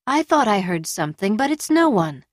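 A woman's voice: medium pitch, very animated, normal speed, no room sound, clean studio sound. A woman voicing a scheming young geisha who coaxes and pleads in a raised, wheedling voice. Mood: dismissive. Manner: coaxing, wheedling.

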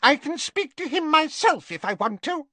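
A man voicing a cringing, servile little man with a high, squeaky, whining voice in a storybook reading. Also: big pitch swings, moderate pace, sharp tone, no echo, exaggerated voice.

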